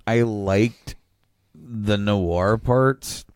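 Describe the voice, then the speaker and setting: A man co-hosting a podcast, talking casually with a halting, laid-back manner. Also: lowish voice, clean tone, dry recording, studio quality. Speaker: podcast co-host. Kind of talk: casual comic book chat.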